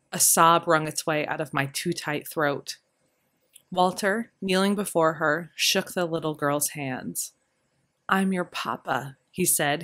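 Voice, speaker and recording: Woman reading a novel aloud, low-voiced. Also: fairly bright tone. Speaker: audiobook narrator. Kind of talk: scripted narration.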